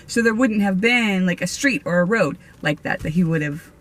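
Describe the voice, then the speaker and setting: A woman's voice: lowish voice, normal speed, a little hiss or hum. Chatty woman telling ghost stories. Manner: animated, laughs often, many fillers and restarts. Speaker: spiritual medium vlogger. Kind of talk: casual storytelling to camera.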